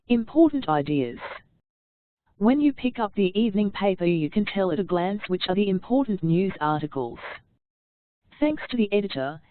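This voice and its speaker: A woman reading an instructional audiobook aloud in a steady, measured delivery. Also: mid-range voice, no room sound. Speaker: audiobook narrator. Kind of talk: scripted audiobook narration. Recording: tinny phone-like narrow sound.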